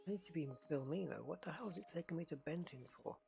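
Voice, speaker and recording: Over soft background music, a middle-aged man with an English accent from the northeast of England chats through a live game stream at his home desk. He talks rapid-fire in a fairly high, creaky, warm voice, rambling and breaking off his own sentences.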